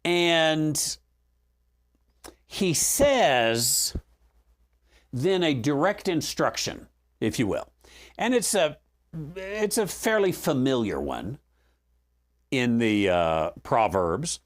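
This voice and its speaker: A male Bible teacher working through scripture in an unhurried, chatty manner. His pitch moves a lot as he reads verses and comments on them, with plenty of fillers and restarts. A dry humor comes through now and then. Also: sing-song.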